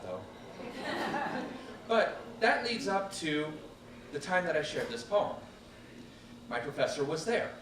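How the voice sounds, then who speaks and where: A man telling a true personal story to a live audience, wry and animated, acting out the voices of others. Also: a little high. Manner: animated and wry, acts out quotes. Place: stage at a public storytelling night. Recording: echoey room, distant mic, background noise.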